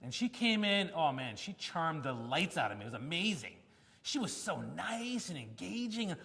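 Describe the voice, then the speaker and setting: Animated male speaker in a reverberant hall. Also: on the high side, normal speed. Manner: animated storytelling with acted-out quotes. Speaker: keynote speaker. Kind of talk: conference talk.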